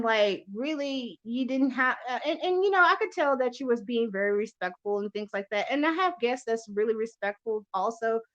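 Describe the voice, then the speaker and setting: A woman hosting a podcast in loose casual chat, rambling and swearing freely with lots of fillers. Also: a little high. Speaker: podcast host. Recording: lo-fi muffled audio.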